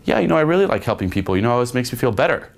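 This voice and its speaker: Quick role-play bit: a friendly young nurse making small talk, put on by a man. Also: medium pitch, very animated, vocal fry, pitched above the performer's own voice. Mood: breezy.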